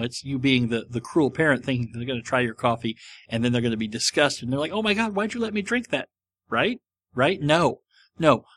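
Fielding listener questions on his laid-back podcast, a middle-aged host rambles and pokes fun at himself in casual conversation. He speaks at a medium pitch with a fairly bright tone.

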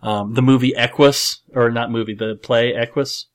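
A man's voice: medium pitch, steady tone, normal speed. Man, podcast host, casual film talk, rambling, emphatic, lots of ums. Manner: rambling and emphatic, many fillers and restarts. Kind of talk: casual movie discussion.

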